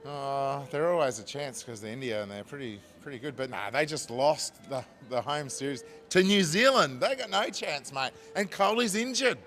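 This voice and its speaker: A man's voice: mid-range voice, lively intonation, moderate pace, hardly any pauses, fairly bright tone, soft background music. A man, a cricket fan giving confident, matey predictions outdoors on a city street.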